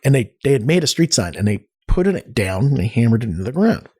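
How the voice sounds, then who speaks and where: Brief: male guest, mid-pitched, chatty and animated storyteller who acts out quotes. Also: quick pace, slightly rough. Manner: animated storyteller, frequent restarts and acted-out quotes. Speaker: podcast guest, arts nonprofit cofounder. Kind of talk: casual conversational storytelling.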